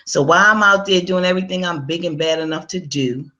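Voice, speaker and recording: A woman's voice: lowish voice, fast talker, sharp tone, lo-fi sound. Woman sharing her life story, chatty, talks right to the crowd, acts out what she said back then. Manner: conversational storyteller, addresses listeners directly; acts out her own past dialogue. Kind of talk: personal testimony talk.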